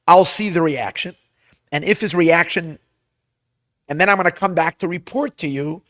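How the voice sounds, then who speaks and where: Rabbi guy telling a bible story, kinda high voice, gets loud acting it out, dry close sound. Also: moderate pace, no room sound. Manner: animated storyteller, acts out lines loudly; restarts and repeats words often. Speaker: rabbi teaching a class. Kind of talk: retelling a Bible story with Hebrew translation.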